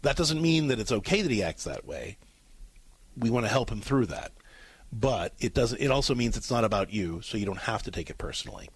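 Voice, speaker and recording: A middle-aged man hosting a call-in advice show, coaching a caller in a calm, repetitive way. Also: fairly low pitch, brisk, slightly rough, no room sound. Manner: calm, coaching, repeats key points. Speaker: radio advice host.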